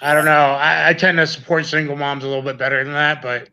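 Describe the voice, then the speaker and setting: A man's voice: on the high side, level tone, quick pace, bright, forceful tone. A man hosting a podcast interview, chatting casually in a wry, joking manner. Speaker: podcast host. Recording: dull lo-fi sound.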